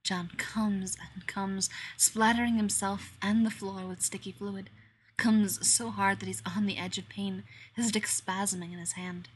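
A woman narrating an erotic audio story in a slow, intimate manner that slips into whispers. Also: medium pitch, steady tone, a little hiss or hum.

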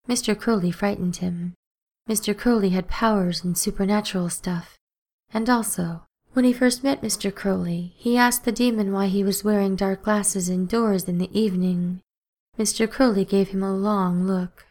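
A woman narrating an audiobook in a steady, even storytelling manner. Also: mid-range voice, normal speed.

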